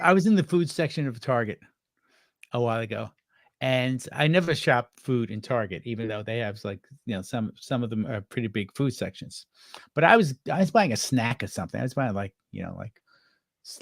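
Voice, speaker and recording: A man's voice: mid-range voice, lively intonation, brisk, dry recording. Rambling male guest with dry sound. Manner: rambling anecdotes, laughing at his own stories. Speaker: guest on a talk show. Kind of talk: casual chat.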